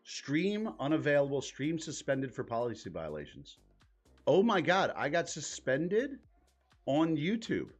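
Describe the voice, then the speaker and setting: A man's voice: on the high side, huge pitch swings, measured pace, husky, faint music behind. Exasperated, profane man on a live stream. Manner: profane, exasperated, thinking aloud while clicking around. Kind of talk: casual live-stream commentary.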